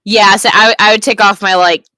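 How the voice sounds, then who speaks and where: A woman's voice: medium pitch, steady tone, a little fast, sharp tone, dry recording. A young woman playing a tabletop game, chatting eagerly and playfully. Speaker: player. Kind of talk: casual game chat.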